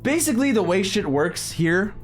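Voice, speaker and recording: Young man, casual stream chat, high-pitched, animated, faint background music. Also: moderate pace. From Canada. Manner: rambling, swearing, animated storytelling.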